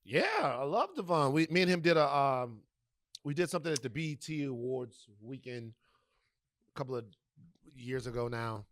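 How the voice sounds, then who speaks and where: A man of ordinary pitch co-hosting a chat podcast, recorded dry and close. He talks casually and jokes with his co-host. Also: animated, moderate pace, fairly bright tone, no echo. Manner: joking, talks while eating.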